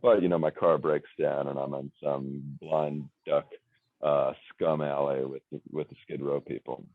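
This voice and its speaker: A man's voice: very deep voice, little pitch movement, a little slow, dry recording. A man talking in a rambling, self-searching way with frequent restarts, in casual conversation over a tinny, phone-like line. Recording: dry tinny phone-like sound.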